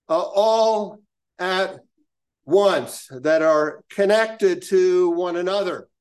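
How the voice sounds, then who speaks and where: Slow, high-voiced male preacher. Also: darkish tone. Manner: measured, deliberate preaching with long pauses. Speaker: pastor. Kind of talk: sermon.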